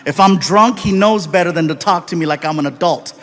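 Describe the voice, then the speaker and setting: A man from the United States doing animated stand-up storytelling on a live comedy stage, acting out voices and swinging between loud and soft. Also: fairly high pitch, brisk, a little hiss or hum.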